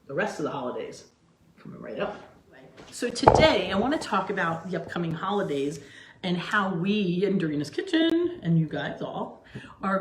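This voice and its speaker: A middle-aged woman with a lowish voice hosts her own cooking channel from her home kitchen, chatting casually to the camera and wandering into asides and restarts. The kitchen sounds roomy and echoey, with noisy background.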